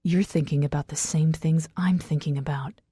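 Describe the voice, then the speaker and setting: A woman voicing a brooding, intense estranged husband who growls his lines in a low, rough, pressing way. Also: normal speed, darkish tone, dry recording, clean studio sound, natural voice. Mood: low murmur. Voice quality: raspy, growling.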